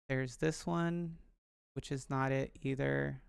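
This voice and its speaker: A man's voice: mid-range voice, fairly even intonation, slow pace, vocal fry, clear, resonant tone, dry recording, clean studio sound. A young man rambling on a live stream, talking to his viewers and poking fun at himself. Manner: chatty, self-deprecating, addresses viewers.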